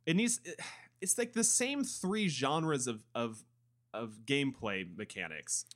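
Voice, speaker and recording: A man's voice: a little high, normal speed. A man co-hosting a casual podcast chat, emphatic and acting out little quotes as he talks. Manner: animated and emphatic, acts out quotes. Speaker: podcast co-host.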